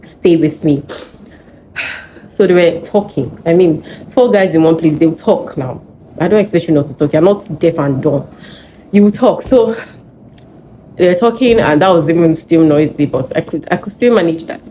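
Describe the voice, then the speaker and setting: Animated Nigerian woman venting on her vlog. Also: low-pitched, normal speed, a little hiss or hum. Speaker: vlogger. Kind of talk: casual vlog chat. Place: home in Lagos.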